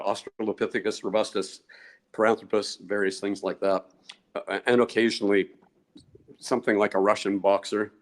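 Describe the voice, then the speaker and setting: An older man, a guest researcher, telling long digressive stories in a podcast interview and chuckling often. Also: on the low side.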